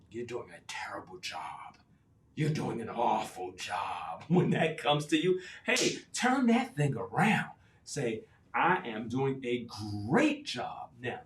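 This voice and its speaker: A man coaching caregivers in an earnest, encouraging way, stressing his affirmations again and again. His voice sits at a middle pitch and carries the echo of a bare room, with faint ambient noise around it. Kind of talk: motivational talk to camera.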